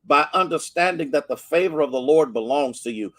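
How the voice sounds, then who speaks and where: A man's voice: on the high side, expressive, fairly quick, a bit bright. A man with an American accent, a pastor giving a short devotional sermon, building fervor through repetition and calling out to listeners by name. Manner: preaching with rising fervor, repetitions, call-outs to listeners.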